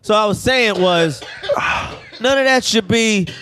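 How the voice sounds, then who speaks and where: Loud high-voiced laughing man. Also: measured pace. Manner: loud, profane, laughs through his rants. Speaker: podcast co-host. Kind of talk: casual comedic chat.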